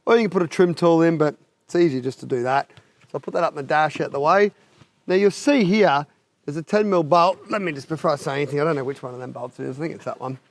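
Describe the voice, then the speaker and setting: Quick-paced and fairly high-pitched, an Australian-accented man presents an installation how-to in a casual, jokey manner. He's full of larrikin banter and chuckles at his own fumbles.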